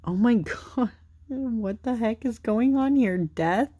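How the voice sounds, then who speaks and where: A young woman hosting a tarot channel chats her way through a deck late at night, rambling with fillers, giggling, and yawning from fatigue. Her voice sits on the high side with a dark tone and a slow pace. The recording sounds muffled.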